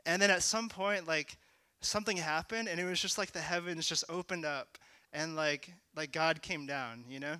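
Young man telling a testimony, crisp and bright. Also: on the high side, steady tone, moderate pace, no room sound. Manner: casual, lots of "like" and "you know", rising to shouts. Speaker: speaker sharing a testimony. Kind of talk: testimony talk.

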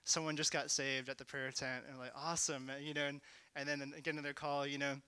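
A young man sharing a testimony in a casual, rambling way, full of "like" and "you know", at times rising to shouting. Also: medium pitch, level tone, fairly quick, clean tone, no room sound. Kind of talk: testimony talk.

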